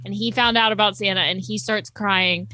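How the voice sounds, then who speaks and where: A woman's voice: mid-range voice, normal speed. A young woman co-hosting a podcast, telling childhood stories in casual chat and acting out the quotes with laughter. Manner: animated storyteller, acts out quotes with laughter. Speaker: podcast co-host.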